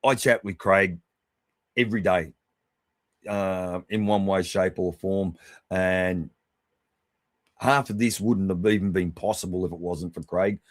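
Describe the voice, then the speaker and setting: A middle-aged man hosting a livestream, giving casual, affectionate shout-outs to viewers and swearing freely. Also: low voice, fairly even intonation, measured pace, long pauses, dry recording. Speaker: livestream host.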